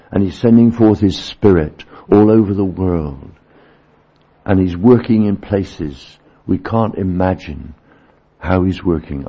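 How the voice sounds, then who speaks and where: A man preaching a sermon, earnest, swinging between emphatic peaks and quiet low passages. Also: breathy edge. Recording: dull lo-fi sermon recording.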